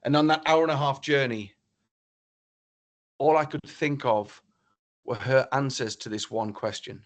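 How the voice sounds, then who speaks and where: A man from northeast England giving a motivational keynote talk, telling a story in an animated, theatrical way. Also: mid-range voice, a little slow. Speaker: keynote speaker.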